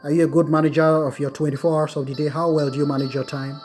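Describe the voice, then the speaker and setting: A man's voice: on the high side, flat delivery, a little mellow, soft background music. Lecturing man who repeats key words. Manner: repeats key phrases slowly for students to note. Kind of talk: recorded lecture on Buddhist wisdom.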